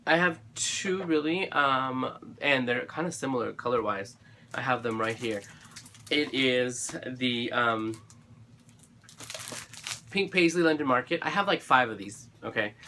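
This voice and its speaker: A man's voice: medium pitch, normal speed, pushed and bright, slight background noise. A man chatting casually to camera about his craft supplies, gushing and rambling with lots of fillers and restarts, his throat a little dry. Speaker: craft channel vlogger.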